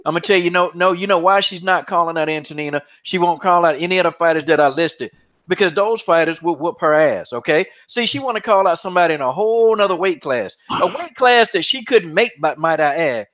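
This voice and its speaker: On his MMA podcast, a man with a slightly high, expressive voice and a fairly bright tone talks a little fast in a heated, casual chat. Expect mockery, repetition, and free swearing, all on dull, lo-fi audio.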